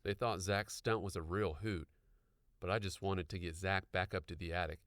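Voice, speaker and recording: A man narrating an audiobook with expressive storytelling. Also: sits low, moderate pace, no room sound, clean studio sound.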